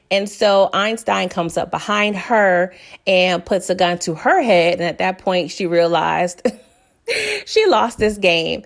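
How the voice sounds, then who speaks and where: A woman talks through a TV episode in a casual recap, loose and conversational. She laughs often and leans on "you know" as she goes. Her pitch sits in a middle range for a woman. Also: a little slow. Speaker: TV recap host.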